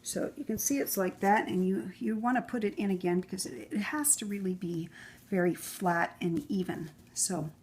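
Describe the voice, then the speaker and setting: A middle-aged woman talking casually while she demonstrates a recipe in a home kitchen. She rambles and fills pauses with "um". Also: mid-range voice, darkish tone, slight background noise. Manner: chatty and rambling, with many fillers. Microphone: camera mic, filmed by her son.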